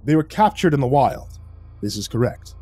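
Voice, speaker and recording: A man voicing a stern older male caretaker boss with a heavy Eastern European accent, speaking slowly and gravely. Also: mid-range voice, very animated, mellow, dry recording, soft background music. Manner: grave, slow, commanding.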